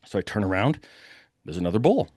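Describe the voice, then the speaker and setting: Young guy telling a hunting story all excited, voice jumps around a lot, dry sound. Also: fairly low pitch, brisk, no room sound. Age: young adult. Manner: animated, breathless retelling with quoted shouts. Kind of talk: casual storytelling.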